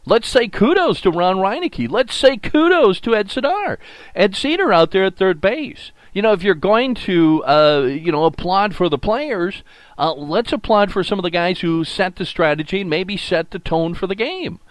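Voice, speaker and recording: A man's voice: sits high, expressive, normal speed, dry recording. An older man hosting a solo sports talk show, folksy and rambling with lots of fillers. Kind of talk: solo sports radio podcast monologue.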